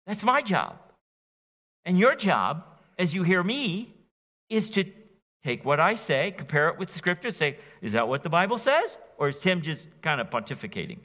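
A middle-aged man preaches an expository sermon with a bright, forceful voice and lively, rising and falling inflection. He is folksy and teasing with his listeners. The sound carries a long echo from a church sanctuary. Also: on the high side, moderate pace. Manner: animated, folksy, jokes with the congregation. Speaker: pastor. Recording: reverberant church hall.

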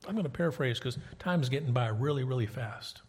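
A man's voice: mid-range voice, animated, a little fast, husky, in a large hall. A man preaching a sermon, retelling scripture in a conversational storytelling way and putting questions to the congregation.

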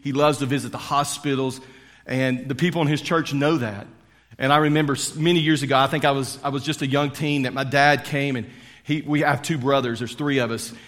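A man's voice: mid-range voice, steady tone, a little fast. Man preaching in a reverberant church. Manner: swings between loud preaching and hushed storytelling. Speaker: pastor. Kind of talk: sermon. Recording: long hall reverb.

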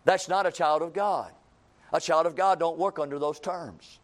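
A man's voice: on the high side, moderate pace. A man preaching a sermon, folksy and repetitive, building to emphatic calls and acting out everyday scenes.

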